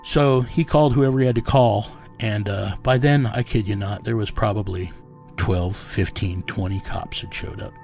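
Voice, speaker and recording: A man's voice: fairly low pitch, huge pitch swings, moderate pace, vocal fry, hardly any pauses, a little mellow, faint music behind. An American man telling a tense story bluntly, with swearing, acting out what others said. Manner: blunt, profane, acts out quoted dialogue. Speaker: bounty hunter telling his story. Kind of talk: storytelling interview.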